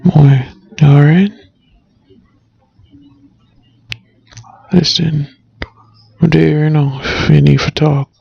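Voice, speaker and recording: A man with a Jamaican accent voicing a young son gently comforting his grieving mother in a cartoon. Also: on the high side, steady tone, unhurried, creaky, slightly rough, no room sound, highs cut off, faint music behind, full character voice. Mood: soothing. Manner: gentle, reassuring. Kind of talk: cartoon voice acting.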